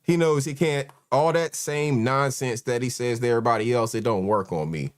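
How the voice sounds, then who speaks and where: A man's voice: mid-range voice, normal speed. A man, hosting a casual live stream and greeting chat members one by one in a laid-back way. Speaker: host.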